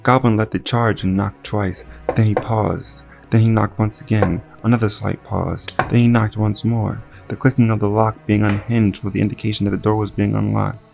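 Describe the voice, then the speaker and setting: A man's voice: fairly low pitch, level tone, moderate pace, vocal fry, few pauses, music in the background. A man reading a first-person audiobook narration with dry, wry asides.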